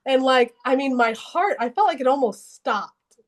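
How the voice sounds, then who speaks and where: A young woman speaks as an interview guest, recounting a turning point in her faith. Her voice sits a little high, and she talks earnestly, often restarting her sentences as the emotion catches up with her. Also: lively intonation, moderate pace. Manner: earnest and emotional, with many restarts and bursts of laughter. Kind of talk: personal testimony in an interview.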